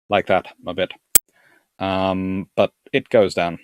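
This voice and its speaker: Chatty southern English man, lowish voice. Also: steady tone, measured pace, no echo, clean studio sound. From Surrey, England. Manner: rambling, chatty, chuckling. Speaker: history live-stream host. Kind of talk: casual live-stream chat answering viewer comments.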